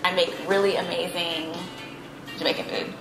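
An upbeat woman describes her cooking in an interview clip, with a medium-pitched voice. Music plays clearly behind her. The sound is roomy and echoey. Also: little pitch movement, normal speed. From Los Angeles. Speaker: home cook in an interview clip. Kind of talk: interview talk.

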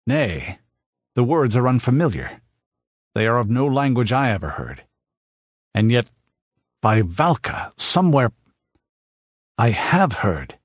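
A man's voice: medium pitch, big pitch swings, slow, long pauses, breathy edge, no echo, highs cut off, exaggerated voice. A man voicing a proud, suspicious warrior king who speaks sternly in archaic phrasing.

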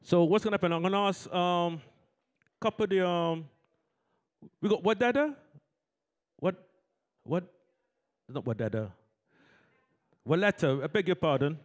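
A man's voice: sits high, lively intonation, unhurried, pauses often. A man hosting a community event, coaxing the audience into call-and-response with a handheld microphone. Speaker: event host. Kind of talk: lively audience warm-up.

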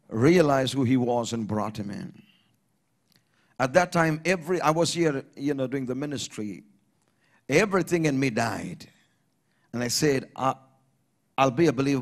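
A middle-aged man from India preaching a sermon, telling an emotional testimony that moves from hushed tones to shouting. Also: mid-range voice. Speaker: pastor.

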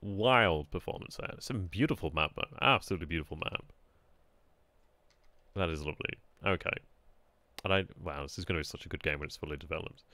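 A man casually commentating as he plays a strategy game, chatty and excitable, often laughing at himself. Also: sits low, fairly quick, pauses often, dry recording. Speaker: gameplay commentator. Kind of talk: casual let's-play commentary.

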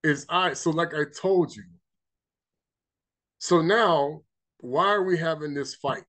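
A man gives an informal spiritual teaching as a religious teacher, emphatic and rambling, repeating himself and reading scripture aloud. His voice is fairly high-pitched, slow, and a bit bright.

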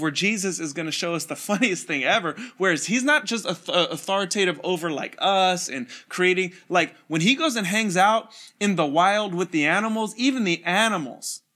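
Bright-voiced, energetic young-sounding preacher. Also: male voice, high voice. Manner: energetic, casual slang, chuckles while preaching. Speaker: pastor. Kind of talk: online sermon with scripture reading.

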